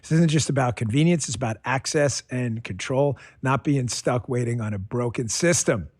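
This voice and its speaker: A man in his fifties hosting his own talk show, delivering a fired-up monologue that swings from muttered asides to near shouting. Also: mid-range voice, normal speed. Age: 50s. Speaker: podcast host.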